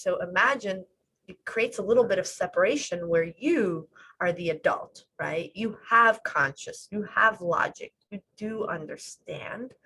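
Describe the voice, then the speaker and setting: A woman's voice: fairly low pitch, sharp tone, husky, low-quality recording. A woman life coach, a podcast guest speaking over a video call, explaining her ideas with metaphors. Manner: explains with metaphors, acts out quoted voices.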